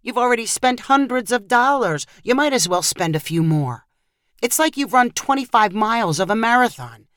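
Casting: woman playing a laid-back old grandpa, calm and gently persuasive, dry close sound. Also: fairly high pitch, moderate pace, no echo, pitched above the performer's own voice. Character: easygoing generous grandfather, chuckling.

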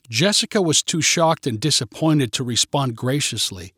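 A man narrating a short story in a clear, steady storytelling voice. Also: mid-range voice, moderate pace, hardly any pauses, no room sound, studio quality.

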